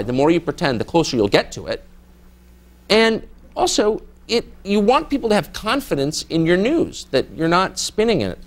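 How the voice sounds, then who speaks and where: A middle-aged man, a journalist guest, answering student questions in a candid, sardonic way and mimicking people in mock voices. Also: a little high. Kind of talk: candid audience Q&A.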